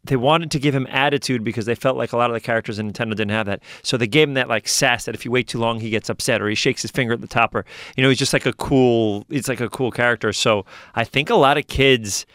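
A man, a voice actor telling stories in an animated, fast-talking way during an interview. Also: medium pitch, no echo, studio quality. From New York. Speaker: voice actor guest. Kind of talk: casual interview talk.

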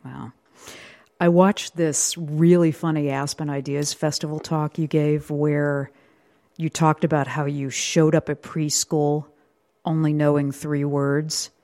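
Brief: interview host, easy laugh, quick back-and-forth reactions. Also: medium pitch, level tone, a little mellow. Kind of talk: conversational interview.

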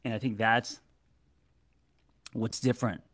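Man, forties, casual advice monologue, halting, stumbling, filler-heavy. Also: medium pitch, fairly even intonation, a bit bright. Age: 40s. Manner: halting, trips over his words, many fillers and restarts. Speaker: relationship advice vlogger.

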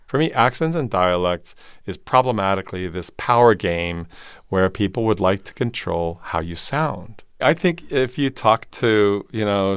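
A man who teaches theater and voice, a guest in a studio interview, talking in an animated way with sudden jumps up in pitch for emphasis and easy laughter. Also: clean tone, no room sound.

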